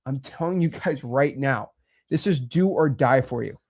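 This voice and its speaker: A man's voice: mid-range voice, normal speed, darkish tone. A man hosting a talk, speaking bluntly and pushily and repeating himself. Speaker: host. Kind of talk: motivational talk.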